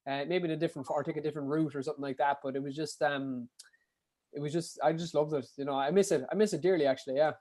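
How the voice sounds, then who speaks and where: A man from Ireland with a Kerry accent tells his stories at a rapid clip. His voice sits a little high, and he talks animatedly with casual swearing and plenty of fillers. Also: fairly even intonation, a little mellow. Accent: Kerry Irish. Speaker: podcast guest, endurance athlete. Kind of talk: casual storytelling.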